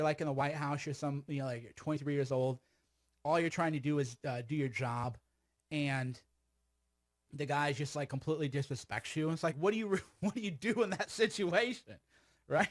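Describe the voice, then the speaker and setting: A man's voice: on the high side, fairly quick. A man giving casual, sarcastic commentary on a video clip, rambling and laughing often.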